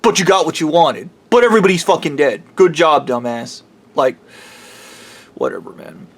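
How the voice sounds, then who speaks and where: A man's voice: fairly high pitch, lively intonation, moderate pace. A man ranting heatedly in a rambling, profane vlog monologue. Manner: heated, rambling, swears freely. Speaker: vlogger.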